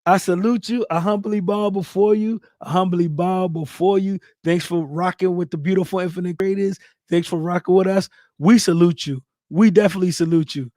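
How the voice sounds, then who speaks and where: Man, high voice, dry close sound, hyped shout-outs, speech, casual livestream host. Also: fairly even intonation, a little fast, dry recording. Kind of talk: casual livestream chat reading viewer comments.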